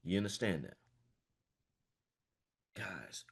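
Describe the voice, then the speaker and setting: A man's voice: mid-range voice, very animated, normal speed. A man, a financial coach giving a passionate, emphatic motivational talk over a video call, peppered with "man". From small-town Florida, US.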